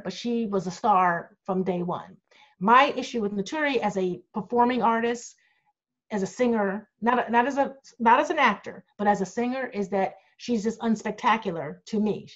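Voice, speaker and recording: A middle-aged woman, a group manager, answering fan questions in a candid, blunt and outspoken way over a video call. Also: a little high. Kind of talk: candid Q&A chat. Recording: dull lo-fi video call audio.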